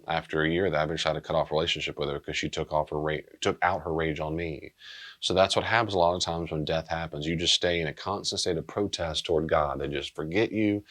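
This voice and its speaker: A man's voice: extremely low pitch, fairly bright tone. A middle-aged man who is a pastor, giving an earnest, plain-spoken pastoral teaching in a subdued, unchipper way.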